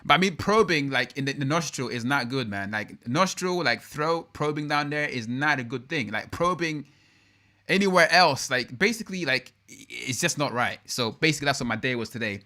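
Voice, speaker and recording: A man's voice: mid-range voice, expressive, moderate pace, sharp tone. A young man hosting a casual live stream, chatting loosely and reading out viewer comments. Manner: slangy, loose and chatty with many fillers.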